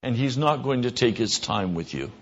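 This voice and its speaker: A man preaching a sermon in an earnest voice, his pitch rising when he stresses a point or acts out a quick exchange. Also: lively intonation, highs cut off. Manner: earnest, rises in pitch for emphasis and mimicked dialogue.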